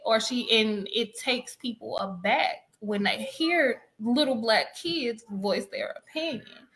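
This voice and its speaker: Emphatic mother, casual panel talk, acts out dialogue, slightly high voice. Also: lively intonation, a little slow, few pauses, a bit bright, poor audio. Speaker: parent panelist.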